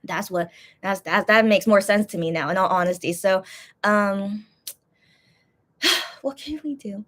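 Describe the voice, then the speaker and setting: A woman's voice: medium pitch, measured pace, fairly bright tone. A congested woman hosting a casual chat, rambling through her opinions and reading out viewer comments with many fillers and restarts. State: congested, coughing. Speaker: host reacting to concept photos.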